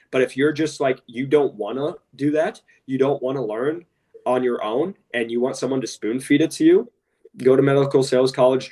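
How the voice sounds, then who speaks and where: A man's voice: medium pitch, darkish tone, far from the mic. A man co-hosting a podcast in casual talk, blunt and impassioned, often saying "literally" and "straight up". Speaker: podcast co-host.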